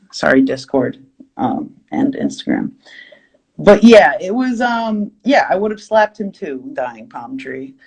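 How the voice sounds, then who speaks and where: Animated woman telling a story. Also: mid-range voice. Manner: animated, rambling, exaggerated. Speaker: vlogger. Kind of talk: storytime while drawing.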